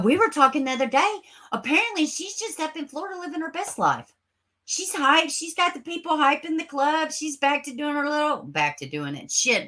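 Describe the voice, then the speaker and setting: A woman hosting a casual livestream, reading chat comments. She talks sarcastically and swears a lot, close to her camera at home. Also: fairly high pitch. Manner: sarcastic, animated, swears and laughs often. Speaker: livestream host. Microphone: camera mic.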